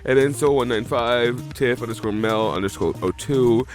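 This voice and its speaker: A man's voice: mid-range voice, moderate pace, soft background music. A man streaming live, emotional and teary from crying, rambling as he reads out follower names. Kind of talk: live watch-along reaction stream.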